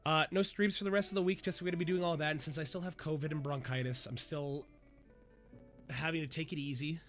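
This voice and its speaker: A man's voice: fairly high pitch, steady tone, fast talker, fairly bright tone, faint music behind. A man hosting a VTuber talk show in casual, rambling livestream chat, his voice congested with a stuffy nose. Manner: rambling, chatty.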